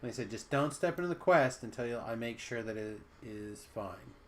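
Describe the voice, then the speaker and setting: A man's voice: medium pitch, lively intonation, normal speed, a little hiss or hum. Guy streaming a game, voice bouncing up and down, kinda rambly and self-mocking. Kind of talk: casual gameplay chat.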